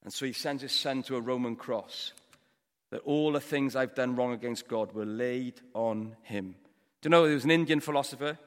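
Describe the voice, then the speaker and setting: A Welsh man giving a storytelling sermon, moving between hushed, quiet passages and loud, forceful ones. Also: mid-range voice, normal speed, long reverb tail. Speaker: preacher. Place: church.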